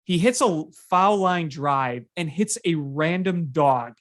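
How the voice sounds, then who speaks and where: A sports podcast co-host in casual chat, telling stories in an animated, ranting way. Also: medium pitch, slow. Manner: animated storyteller, ranting about bad movies.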